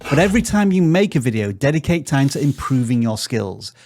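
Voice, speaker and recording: A man hosts a scripted tutorial, giving direct tips on growing a channel. His voice sits at an ordinary pitch but swings up and down with lots of life. He stays upbeat and drops in the odd joke. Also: sing-song, brisk, a little mellow. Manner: upbeat, joking, direct advice. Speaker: YouTube growth tutorial host.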